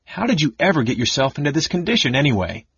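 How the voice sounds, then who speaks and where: A man voicing an excitable young kender. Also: fast talker, breathy edge, dry recording, heavily acted. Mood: earnest bossy. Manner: high, eager, indignant chatter. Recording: muffled lo-fi recording.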